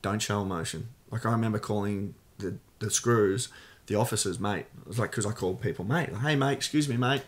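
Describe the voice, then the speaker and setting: A man's voice: fairly low pitch, a little fast. A man with an Australian accent, a podcast guest telling a personal story in casual, candid talk with many fillers.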